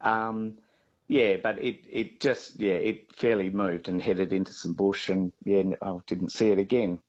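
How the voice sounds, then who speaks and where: Australian man, farmer, halting speech, lots of fillers, lowish voice, dull lo-fi line. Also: steady tone, darkish tone. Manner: halting, with many fillers and restarts. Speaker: farmer interviewee.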